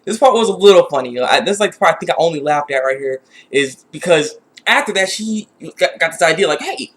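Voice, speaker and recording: A man's voice: fairly high pitch, expressive, brisk, fairly bright tone. A man casually reviewing an anime episode, rambling with many restarts and sounding exasperated.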